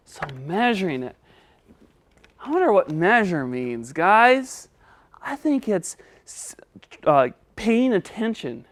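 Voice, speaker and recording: A woman teaching a children's speech lesson, patient and encouraging, coaching step by step. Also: fairly low pitch.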